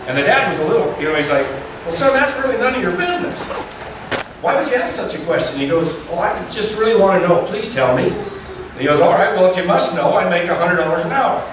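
A man's voice: sits high, lively intonation, fast talker. A man preaching a sermon to men about fatherhood, acting out the voices of a father and son as he tells stories. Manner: acts out dialogue in a story. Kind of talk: sermon storytelling. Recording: echoey room from far off, noisy.

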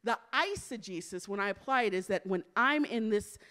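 Woman church speaker, sermon, lively and joking, goes soft and hushed in prayer. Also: medium pitch, normal speed. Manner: animated and playful, jokes with the congregation.

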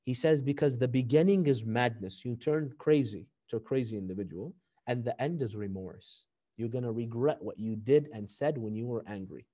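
A man teaching a seminary ethics class, telling stories with animated delivery and quoting sayings before translating them. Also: mid-range voice, moderate pace. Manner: animated storytelling, quotes Arabic hadith then translates. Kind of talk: recorded class lecture.

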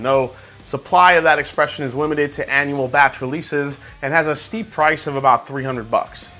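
Bright-voiced New man reviewing whiskey. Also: a little high. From New York. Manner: chatty, many fillers like "like" and "uh"; excitable tasting reactions. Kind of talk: casual tasting review.

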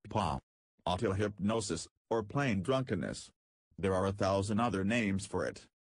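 A man reading as a bitter young spaceman, low and husky. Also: expressive, normal speed, no room sound. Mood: scornful. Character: young male spaceman, angry and driven.

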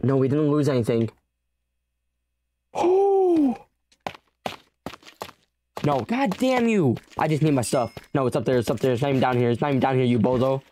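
A man's voice: medium pitch, steady tone, rapid-fire, few pauses, dark tone, slight background noise. A young man giving let's play commentary, frantic and pleading as he bargains with the creatures in his game. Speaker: gamer.

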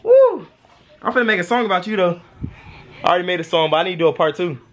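A man's voice: high voice, wildly swooping pitch, fast talker, background noise. A man filming a casual home vlog as a young father, playfully laughing and scolding his toddler in a bedroom.

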